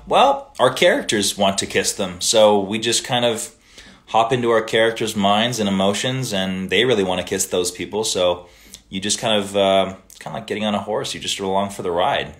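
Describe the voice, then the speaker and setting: A man with a deep, low voice hosts a laid-back livestream and reads viewer greetings aloud. He answers questions casually and often slips into short Italian phrases. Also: fairly bright tone. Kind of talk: casual live chat reading viewer comments.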